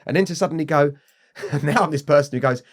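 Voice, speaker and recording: A man's voice: a little high, fast. Frank British man, candid storytelling. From Britain. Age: middle-aged. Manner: frank, animated storyteller who acts out quoted voices. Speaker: guest. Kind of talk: candid podcast conversation.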